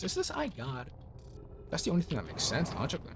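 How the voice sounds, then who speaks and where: A young man playing a game blind, thinking aloud and reading its lore text in a measured voice. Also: fairly high pitch, huge pitch swings, gravelly, noisy background. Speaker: let's play streamer.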